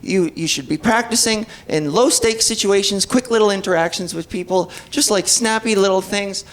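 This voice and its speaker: A woman's voice: mid-range voice, moderate pace, natural voice. A woman voicing an earnest young woman giving voice-training tips from a video.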